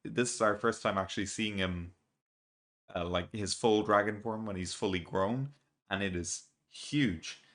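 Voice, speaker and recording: A man hosting a manga reaction video talks at a measured pace in a lowish, fairly bright voice. He thinks aloud while casually summarizing a comic chapter, reading the dialogue straightforwardly.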